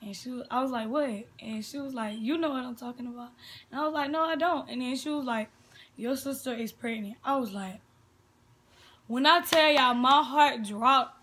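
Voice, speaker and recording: High, bright young woman retelling a story. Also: moderate pace. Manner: chatty, animated retelling with quoted dialogue. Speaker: sister of the vlogger. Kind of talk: casual chat.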